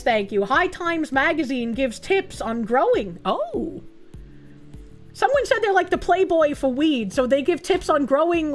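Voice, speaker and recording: Loud, sweary woman streamer with a Boston accent; high, very animated voice, faint music bed. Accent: Boston area. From New England. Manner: loud, swearing, bursts into high laughing shrieks. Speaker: streamer reading chat. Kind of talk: casual stream chat.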